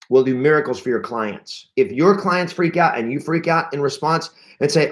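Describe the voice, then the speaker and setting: Energetic man coaching real estate agents. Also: medium pitch, moderate pace, hardly any pauses. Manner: energetic, storytelling, acts out panicked reactions; restarts and repeats words often. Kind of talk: live-streamed coaching talk.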